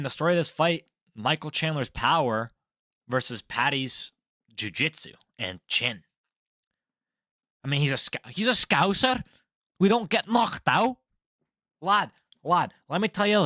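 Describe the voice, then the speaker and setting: A young man with a sharp, medium-pitched voice makes casual, rambling fight predictions as an MMA prediction vlogger. He swears freely and laughs at his own jokes. The sound is clean studio audio with no room echo.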